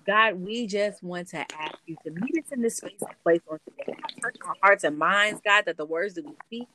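A woman's voice: mid-range voice, moderate pace, bright, forceful tone, a little hiss or hum. A woman co-host who leads a fervent spoken prayer, calling on God between phrases, and chats briefly. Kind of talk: spoken prayer and casual chat.

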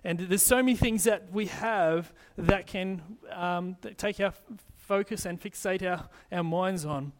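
A man's voice: sits high, measured pace, hardly any pauses. A man as pastor giving a conversational sermon, often restarting his phrases as he explains scripture.

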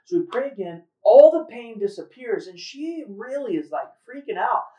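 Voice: mid-range voice, big pitch swings, moderate pace, mellow, highs cut off. A host telling a faith story in a casual, earnest way, with fillers and restarts. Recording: roomy echo, far from mic.

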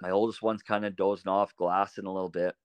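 A man on a podcast as a guest, telling animated anecdotes in a casual way and laughing often. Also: sits low, quick pace, clean tone, dry recording. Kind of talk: casual storytelling.

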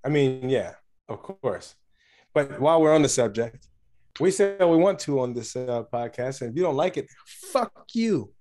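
A man co-hosting a casual podcast, swearing freely as he tells stories in an animated way. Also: medium pitch, moderate pace. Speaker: podcast co-host. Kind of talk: casual chat.

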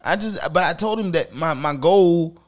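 A man telling stories in casual chat, profane and animated. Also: fairly high pitch, moderate pace. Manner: animated, profane street slang, acts out quotes.

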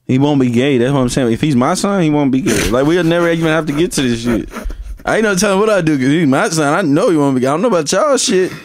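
A man's voice: a little high, lively intonation, quick pace, no room sound. A man co-hosting a podcast in casual chat, talking bluntly and emphatically in heavy slang. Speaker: podcast co-host.

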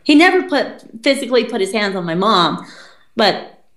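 A woman speaking a little higher than most, recounting a story to a podcast host with blunt, unfiltered bluntness and plenty of swearing. Her voice carries a roomy echo from the space around her. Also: moderate pace. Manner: blunt and profane, quoting people in lively put-on voices. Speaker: podcast guest. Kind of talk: casual storytelling.

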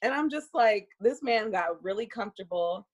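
A young woman casually telling a dating story, animated and profane, laughing often. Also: medium pitch, normal speed.

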